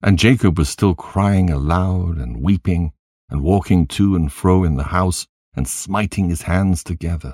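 A man reads scripture aloud in a solemn, measured way. His voice is deep and mellow with a husky edge, the pace unhurried, and the recording is dry and close. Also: no echo. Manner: solemn, measured reading in archaic wording. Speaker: narrator.

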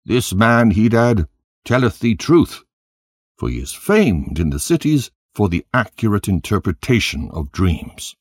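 A man's voice: on the low side, big pitch swings, measured pace, no room sound, clean studio sound, pitched above the performer's own voice. A man voicing a firm city judge. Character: stern male city judge.

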